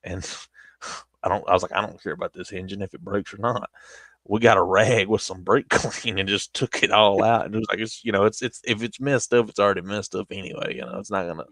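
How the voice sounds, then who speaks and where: A man's voice: on the low side, fairly quick, fairly bright tone, dry recording, clean studio sound. A man with a Southern US accent telling a long casual story on a stream, rambling with restarts.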